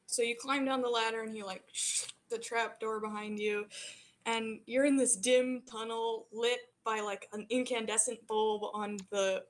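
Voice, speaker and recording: A woman's voice: fairly high pitch, fairly even intonation, measured pace. A woman running a tabletop game as game master, narrating casually with lots of fillers.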